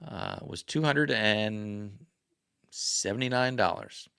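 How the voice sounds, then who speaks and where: Low-voiced man chatting on a livestream. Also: gravelly, bright, forceful tone. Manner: rambling, chatty, self-correcting. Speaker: livestream host. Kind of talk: casual livestream chat.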